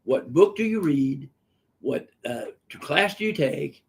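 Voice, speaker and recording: A man's voice: on the high side, expressive, unhurried, gravelly. An older man, a physician hosting a live webinar, telling stories in a blunt, emphatic, opinionated way. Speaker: physician host answering viewer questions. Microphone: live webinar microphone.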